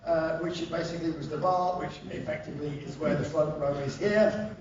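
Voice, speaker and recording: A man's voice: fairly high pitch, a little fast, a crowd in the background. A man telling profane, laugh-filled stories on a live stage. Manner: animated, profane, laughing often. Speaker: stage storyteller. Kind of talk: live spoken-word storytelling. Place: live concert venue. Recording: distant echoey live hall, dull.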